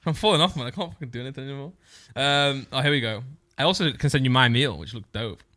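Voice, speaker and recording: A man's voice: medium pitch, fast, bright, forceful tone, dry recording, clean studio sound. A young man telling a rambling story on a podcast, often breaking off and laughing as he goes. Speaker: podcast co-host. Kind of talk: casual storytelling chat.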